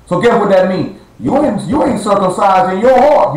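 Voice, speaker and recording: A high-pitched man preaches in a blunt, slang-heavy street style, drawing out words to hammer a point home. His voice bounces around an echoey room on a live stream. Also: big pitch swings, moderate pace, a little mellow.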